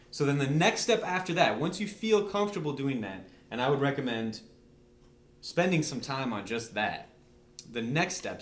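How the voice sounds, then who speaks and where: A man teaching drums step by step in a patient, conversational way, often checking in with "okay?". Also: medium pitch. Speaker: drum teacher. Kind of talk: step-by-step instructional demonstration. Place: room with a drum set. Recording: echoey room.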